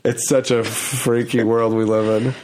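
A man's voice: medium pitch, flat delivery, unhurried, darkish tone. Rambling man telling a story. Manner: rambling storytelling with many fillers. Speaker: podcast co-host. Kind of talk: casual comedic chat.

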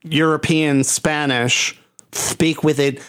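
Playful podcast host. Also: male voice, fairly high pitch, steady tone, slow, a bit bright, smooth. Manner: playful, chatty, mixes in Spanish. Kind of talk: casual podcast chat.

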